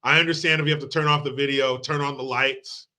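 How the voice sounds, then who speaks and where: A man's voice: mid-range voice, fairly even intonation, quick pace, bright, forceful tone. A man hosting a commentary channel, delivering a profane political rant full of crude mockery and sarcasm.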